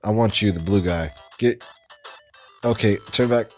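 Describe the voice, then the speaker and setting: Man, gameplay commentary, slow drawl, loud trash talk, faint music behind. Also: lowish voice. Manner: loud and excitable, trash-talking the screen. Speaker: let's play gamer.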